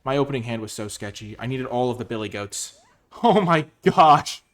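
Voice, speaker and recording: A man commentating his own card game matches casually, excitable and full of exclamations. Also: medium pitch, quick pace.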